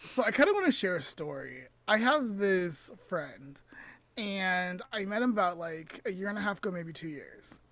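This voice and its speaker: A woman co-hosting a podcast in casual chat, telling stories in an animated way. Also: fairly low pitch, moderate pace, no room sound. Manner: animated storyteller. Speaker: podcast co-host.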